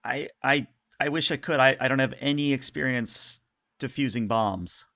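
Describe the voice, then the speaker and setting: A man voicing a shaky, frightened woman researcher speaking over an intercom, halting and hesitant. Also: mid-range voice, bright, forceful tone, voice pushed up. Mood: nervous. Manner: hesitant, halting with many fillers.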